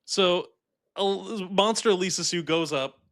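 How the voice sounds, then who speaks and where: A man with a slightly high voice co-hosts a casual podcast chat. He talks in an animated, rambling way, peppered with fillers and frequent laughs. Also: slow pace. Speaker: podcast co-host reviewing a film.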